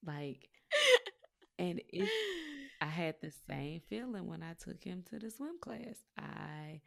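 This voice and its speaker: A woman's voice: lowish voice, animated, takes it slowly, gravelly. A woman co-hosting a podcast, talking in candid, joking, profane casual chat. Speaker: podcast co-host.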